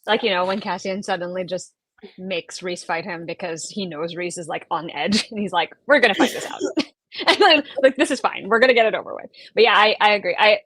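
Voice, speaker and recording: A woman in casual live book chat, talking fast and acting out characters' lines with a laugh. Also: mid-range voice, fairly bright tone, dry recording. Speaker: book discussion panelist.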